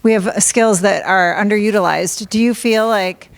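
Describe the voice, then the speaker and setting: A woman's voice: mid-range voice, steady tone, normal speed, gravelly. A woman pastor interviewing a guest, asking questions and thinking aloud as she goes.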